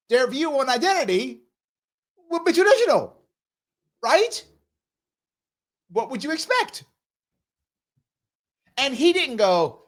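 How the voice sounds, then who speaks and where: A man's voice: extremely high pitch, a bit bright. A man hosting a live commentary show, reading viewer chat in a sarcastic, mocking way.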